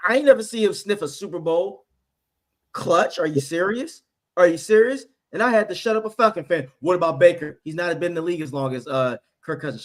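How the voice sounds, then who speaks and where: A man hosting a sports reaction stream, ranting with fired-up, profane energy. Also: a little high. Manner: fired up, profane, ranting, mocks people in put-on voices. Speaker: host. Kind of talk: heated sports reaction chat.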